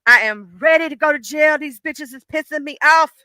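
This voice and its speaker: A woman's voice: sits high, moderate pace, pushed and bright, no room sound, voice pushed up. A woman voicing her own anger as a female figure who is itching for a fight and talks menacing, profane trash. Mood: threatening.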